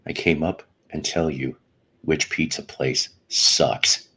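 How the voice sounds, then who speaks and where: Man, very low gravelly voice, slow rambling chat, greets viewers. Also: steady tone, pushed and bright. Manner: meandering, greets chatters, chuckles. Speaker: podcast host. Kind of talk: rambling live-stream chat.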